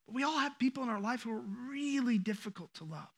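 A man preaching a sermon as pastor, animated and joking with the congregation. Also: very high-pitched, fast talker. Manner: animated, acts out quoted voices, jokes with the congregation.

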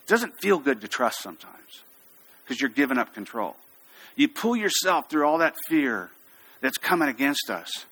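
A man preaching a sermon, telling a story with lively, acted-out quotes. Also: a little high, husky. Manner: storytelling, animated, acts out quotes. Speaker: pastor.

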